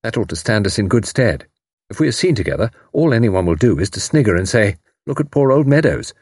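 A man reading an audiobook, voicing a lively, mischievous young woman spy who talks in a breezy, self-assured way. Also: lowish voice, a little fast, slightly rough, no echo, clean studio sound. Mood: playful.

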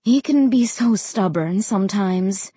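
A woman's voice: medium pitch, unhurried, mellow, slightly rough, no room sound. A woman voicing a fussing, apologetic mother in a storybook reading. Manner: anxious, apologetic.

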